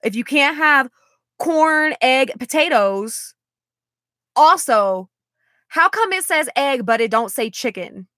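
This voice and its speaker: A woman's voice: high-pitched, expressive, slow, pushed and bright, no room sound, studio quality. A young woman rambling in a casual vlog, exasperated and sighing as she talks. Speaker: vlogger.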